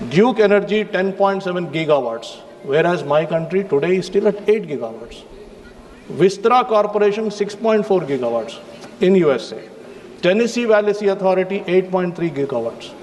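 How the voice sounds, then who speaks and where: A man's voice: high voice, expressive, normal speed, a little mellow, long reverb tail, slight background noise. A man with an Indian English accent giving a formal, emphatic parliamentary speech, addressing the chair as a member of parliament. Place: large parliamentary chamber.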